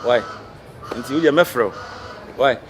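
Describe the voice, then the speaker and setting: A man doing a loud, bantering street comedy skit outdoors. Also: mid-range voice, moderate pace. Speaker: comedy sketch performer. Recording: noisy outdoor street recording.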